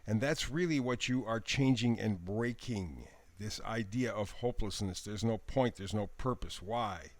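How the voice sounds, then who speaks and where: A man giving a daily tarot reading in a gentle, encouraging voice. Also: on the low side, a little slow, few pauses, dry recording. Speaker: tarot reader.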